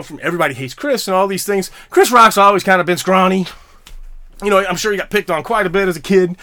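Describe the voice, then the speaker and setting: A man's voice: high voice, bright, forceful tone, dry recording, clean studio sound. A middle-aged man hosting a podcast, ranting angrily with heavy swearing and stammering restarts. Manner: profane, heated, stammering restarts. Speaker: podcast host. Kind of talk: angry solo rant.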